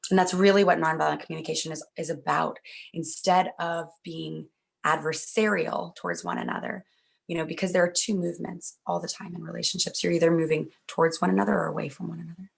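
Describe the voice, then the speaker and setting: Gravelly-voiced woman speaking gently. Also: on the low side, steady tone, quick pace. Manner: gentle, earnest, reassuring. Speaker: workshop speaker. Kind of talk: talk at a virtual event.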